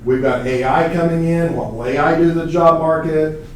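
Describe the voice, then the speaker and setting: A man's voice: a little high, steady tone, moderate pace, a little hiss or hum. A man in his forties from Arkansas, lecturing a college class conversationally and asking them questions. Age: 40s. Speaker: college instructor. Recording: echoey classroom from a distance.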